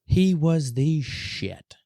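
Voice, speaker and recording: A man's voice: fairly high pitch, big pitch swings, extremely slow, warm tone, dry recording, clean studio sound. Laid-back man telling a story. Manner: laid-back, rambling, repeats himself. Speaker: podcast host. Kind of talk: casual storytelling chat.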